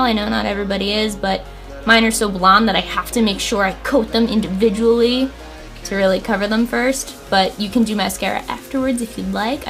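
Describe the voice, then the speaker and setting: Chatty woman with a gravelly edge. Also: mid-range voice, fairly bright tone. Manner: chatty, self-deprecating, explains step by step. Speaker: makeup tutorial host. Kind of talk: casual how-to talk.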